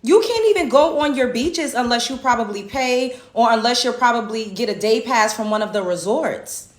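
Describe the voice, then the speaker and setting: A woman's voice: on the high side, expressive, normal speed, reverberant. A woman from the United States hosting a reaction video, ranting in a blunt, indignant, profane way. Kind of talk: reaction commentary rant.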